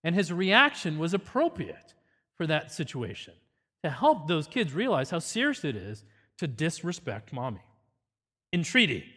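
Man, earnest seminar teacher, fairly high voice, lively intonation, long hall reverb. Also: normal speed. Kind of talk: faith-based parenting seminar talk.

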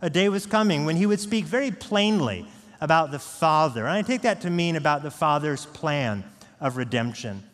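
A man preaching a sermon as pastor, earnest, moving between hushed and raised delivery. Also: a little high, animated, normal speed. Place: church sanctuary. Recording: long echo of a large church hall.

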